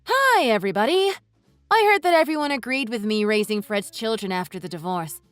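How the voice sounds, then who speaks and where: A woman voicing a furious wife in a text-message story, who talks in a sharp, sarcastic, cutting way. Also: fairly high pitch, lively intonation, fairly quick, no echo, soft background music. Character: furious wife confronting her in-laws.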